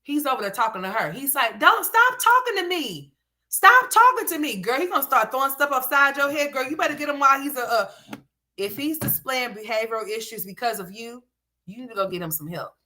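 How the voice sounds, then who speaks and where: A woman's voice: a little high, quick pace, sharp tone. A woman hosting reaction commentary, talking in a blunt, profane, scolding way. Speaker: commentary host.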